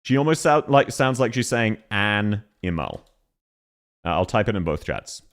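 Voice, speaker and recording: Animated young Australian streamer, swearing. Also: male voice, on the low side, moderate pace. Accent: Canberra Australian. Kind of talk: casual live-stream chat.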